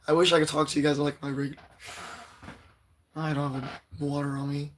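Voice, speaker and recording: A teenage boy with a hoarse, strained voice, chatting loosely with viewers on his livestream and clearing his throat often. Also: a little high, level tone, brisk, slight background noise. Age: teens. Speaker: livestream poetry host. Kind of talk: casual livestream chat.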